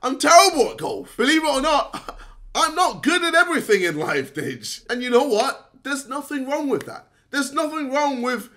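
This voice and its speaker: A man ranting straight to camera in a frustrated, scolding way, sometimes shouting and laughing between points. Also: very high-pitched, sing-song, moderate pace. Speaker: YouTuber. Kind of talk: direct-to-camera rant.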